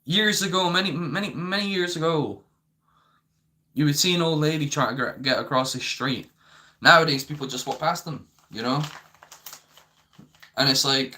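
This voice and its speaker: A man's voice: on the high side, moderate pace, long pauses, sharp tone. A young man ranting to camera in a rambling, profane way, filling his talk with "you know". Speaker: vlogger. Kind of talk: unscripted rant.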